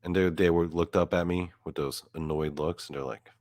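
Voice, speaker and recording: A man's voice: low-pitched, steady tone, normal speed, a little mellow, dry recording, clean studio sound. A young man from South Korea doing a profane, mock-boastful stand-up rant, quoting his friends in asides. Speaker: comedian.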